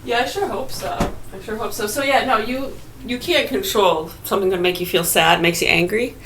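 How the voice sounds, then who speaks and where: Against a noisy background, a woman with a mid-range voice rants briskly and argumentatively. Her casual monologue is blunt and full of profanity, aimed at imagined listeners through rhetorical questions.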